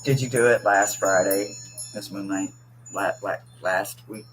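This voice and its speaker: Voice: deep voice, steady tone, unhurried, faint music behind, poor audio. A tarot reader hosting a livestream, chatting casually, teasing viewers and laughing often while reading the chat aloud.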